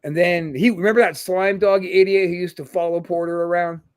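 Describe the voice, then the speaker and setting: A middle-aged man with a slightly higher voice, hosting a casual podcast and telling profane, reminiscing stories. He acts out quoted people as he goes. His voice sounds close and dry, with no room around it. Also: steady tone, brisk, clean tone, no echo. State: throat tightening with emotion. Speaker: podcast host.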